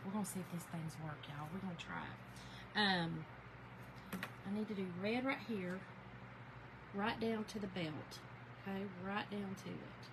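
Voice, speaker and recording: A chatty woman with a Southern US accent hosts a crafting livestream, talking straight to her viewers in a folksy, easygoing way and laughing often. A steady hum of background noise sits clearly under her voice. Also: mid-range voice, measured pace, long pauses. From Georgia, US South. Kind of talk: casual livestream chat.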